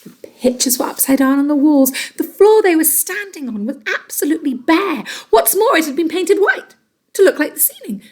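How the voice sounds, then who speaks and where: A teacher reading a storybook aloud to children, expressive and dramatic. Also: female voice, high-pitched, moderate pace, a little hiss or hum.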